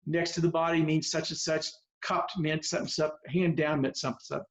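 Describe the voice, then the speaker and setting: A man's voice: on the high side, level tone, brisk. A man in his seventies, a veteran baseball coach, telling heartfelt stories on a video call in an earnest, rambling way. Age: 70s or older. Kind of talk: personal storytelling on a video call. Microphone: video call microphone. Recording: muffled video call audio.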